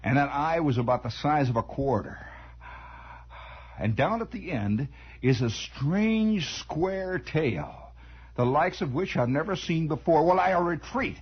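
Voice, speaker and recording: A Midwestern American man telling a story on the radio in a dramatic monologue, hushing for suspense, on a dull lo-fi 1960s broadcast. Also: on the high side, unhurried, slightly rough. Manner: animated, dramatic, drops to hushed tones for suspense.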